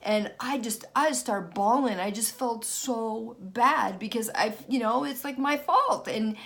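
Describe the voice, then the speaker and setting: A woman's voice: fairly high pitch, creaky, a bit bright. A middle-aged woman vlogging casually, frazzled and frustrated, stopping and restarting her sentences. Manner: frazzled, halting, many restarts. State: worn out and frustrated. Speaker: vlogger and author. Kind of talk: casual personal vlog.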